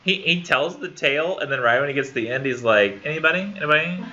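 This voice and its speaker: A man teaching a college English class in a casual, animated lecture with many fillers. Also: medium pitch, brisk, lo-fi sound.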